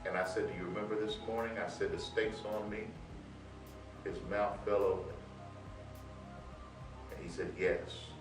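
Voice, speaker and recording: A man's voice: fairly low pitch, steady tone, a little slow, long pauses. A man preaches a testimony, telling his story with quoted dialogue before building to bold scripture declarations. He is heard from a distance in a roomy church with music playing faintly underneath. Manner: storytelling, swelling to loud proclamation. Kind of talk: sermon testimony. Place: church sanctuary. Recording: roomy sound from far off with music.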